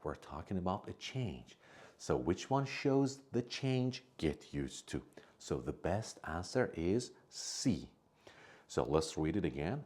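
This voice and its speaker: A deep-voiced man gives an English lesson, his husky tone swinging widely in pitch as he stresses each point. He explains patiently, going back over every idea in new words. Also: sing-song, slow, a little mellow. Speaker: English teacher.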